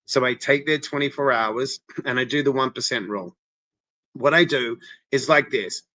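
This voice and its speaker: A man with a forceful, bright voice speaks emphatically, like a coach laying out rules. He keeps checking in with the listener as he goes. The sound is dry and close, with no room echo. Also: medium pitch, moderate pace. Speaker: interventionist guest. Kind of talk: motivational interview talk.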